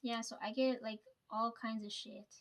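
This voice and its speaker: A young woman vents in a loose, casual monologue. Her voice sits a little high, and she talks bluntly, swears freely and keeps tagging her lines with "right?". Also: steady tone, moderate pace. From Canada. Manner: blunt, heavy swearing, constant "right?" tags. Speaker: vlogger.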